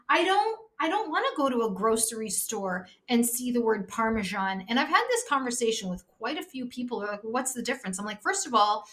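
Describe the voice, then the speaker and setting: A woman's voice: fairly high pitch, bright, forceful tone. A woman guest, a private chef, talking in a blunt, passionate way and swearing freely in a casual interview chat. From Canada.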